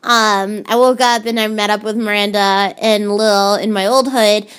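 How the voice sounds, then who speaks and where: A woman's voice: mid-range voice, steady tone, moderate pace, a bit bright, smooth. A woman co-hosting a podcast, telling rambling stories in casual chat and swearing freely. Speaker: podcast co-host.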